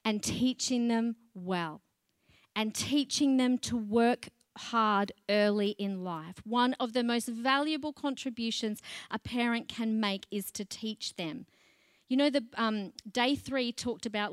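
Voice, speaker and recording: A middle-aged woman pastor, preaching a sermon in a chatty, lively way and laughing between points. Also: fairly high pitch, a little slow, no echo.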